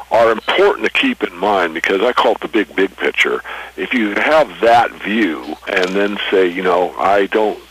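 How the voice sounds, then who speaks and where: A man's voice: sits low, a bit bright, slightly rough, poor audio. A man, a precious metals newsletter writer, speaking earnestly and emphatically in a radio interview. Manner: earnest, emphatic about markets and geopolitics.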